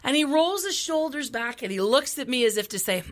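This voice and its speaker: A woman's voice: sits high, brisk. A woman in her forties, a podcast co-host telling funny stories in a casual chat and acting out the voices. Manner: animated comic storyteller, acts out voices.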